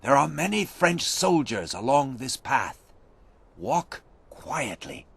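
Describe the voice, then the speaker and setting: A man voicing a steady frontier scout. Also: medium pitch, measured pace, vocal fry, breathy edge, pitched above the performer's own voice, exaggerated voice. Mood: guiding. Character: steady frontier scout guiding his friends.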